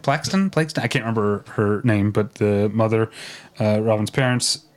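A man's voice: on the low side, moderate pace. A man co-hosting a podcast, chatting casually with lots of fillers and laughs. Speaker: podcast co-host.

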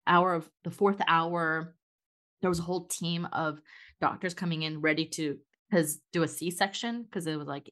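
A woman's voice: low voice, a bit bright. A woman telling a long story in casual chat, full of fillers and restarts. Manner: rambling storytelling with many fillers. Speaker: guest mom.

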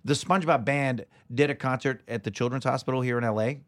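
A man's voice: mid-range voice, fairly even intonation, quick pace. A man chatting as a podcast guest, rambling in a self-deprecating way with frequent restarts. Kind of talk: casual chat.

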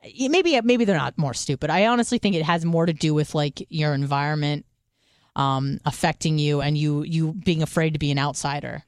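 A woman's voice: sits low, normal speed, no room sound, clean studio sound. A woman co-hosting a podcast, chatting casually, swearing freely and thinking aloud with restarts. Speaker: podcast co-host. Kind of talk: casual chat.

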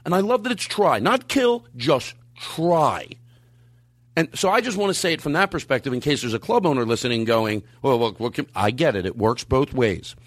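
A man's voice: normal speed, dry recording. Podcast guy rambling on, voice bouncing all over, dry close mic. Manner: rambling, animated, swings pitch up for quoted voices. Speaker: podcast host. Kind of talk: casual chat. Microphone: studio mic.

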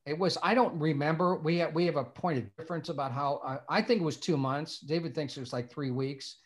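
A man's voice: on the high side, fairly quick. An older man from Indiana, a screenwriter telling a long anecdote in an interview, meandering and repeating words as he restarts. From Indiana, USA. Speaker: screenwriter guest.

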